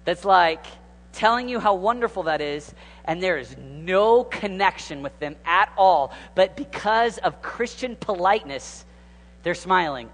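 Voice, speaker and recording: Animated preacher in a reverberant hall. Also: male voice, high voice. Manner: animated, rambling, jumps from hushed to exclaiming. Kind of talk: informal sermon.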